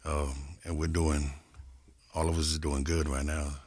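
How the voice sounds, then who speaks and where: A man from Compton with a gravelly voice, a guest speaking in a laid-back, plain-spoken way in a casual interview. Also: very deep voice, flat delivery, measured pace, a little mellow, dry recording. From Compton, California.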